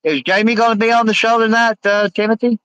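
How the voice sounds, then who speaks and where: Guy rambling on his livestream, kinda high voice, lots of uhs, dry close sound. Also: level tone, a bit bright, smooth, dry recording, poor audio. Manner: rambling, halting, many uh fillers. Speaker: live stream host. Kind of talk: casual live stream chat, reading comments aloud.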